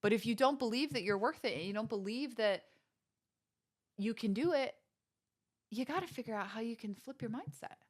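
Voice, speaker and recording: A woman's voice: a little high, animated, normal speed, long pauses. Earnest woman podcaster asking pointed questions. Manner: earnest, preachy, rhetorical questions. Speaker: podcast host. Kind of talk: motivational faith-based podcast talk.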